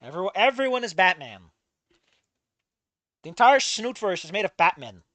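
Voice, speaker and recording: A man's voice: sits high, big pitch swings, normal speed, a bit bright, dry recording. A man giving casual, sarcastic read-along commentary on a fan fiction, exasperated and swearing often.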